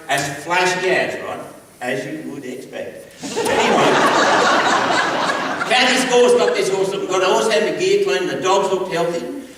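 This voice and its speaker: An Australian man giving a humorous storytelling speech, animated and acting out quoted voices. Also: high voice. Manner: animated yarn-spinning, acts out quoted voices, laughs along. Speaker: public speaker. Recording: roomy hall, distant mic, background noise.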